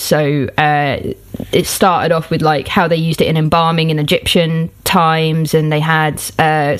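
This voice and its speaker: A young woman chatting as a podcast guest, self-mocking and quick to laugh. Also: sits low. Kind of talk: casual chat.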